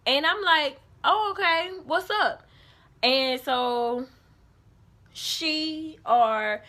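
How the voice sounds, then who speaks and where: Animated high bright young woman storyteller. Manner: animated storytelling, quoting others in put-on voices. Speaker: vlogger. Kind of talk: casual storytime.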